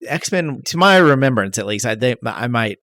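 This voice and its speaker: A man's voice: medium pitch, expressive, normal speed, a bit bright, no echo. A man hosting a podcast, rambling jokingly about a movie and swearing casually. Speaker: podcast host. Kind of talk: casual movie-review chat.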